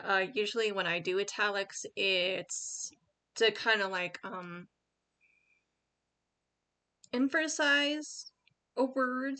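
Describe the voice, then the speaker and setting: A woman's voice: medium pitch, sharp tone, clean tone. A woman giving casual writing advice as the host of her own channel, rambling with many fillers and restarts. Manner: reads her own sample paragraph aloud. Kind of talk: casual screen-share tutorial.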